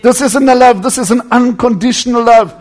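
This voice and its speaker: A man preaches in a very high voice at a fairly quick clip, calling his listeners friends in an earnest way. His sermon rises to loud emphasis and drops to hushed near-whispers.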